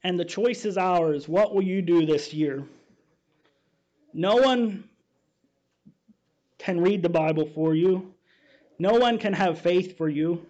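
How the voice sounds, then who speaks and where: A pastor reading a story in his sermon, steady and measured, then preaching to his listeners. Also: high voice. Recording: dull, muffled sound.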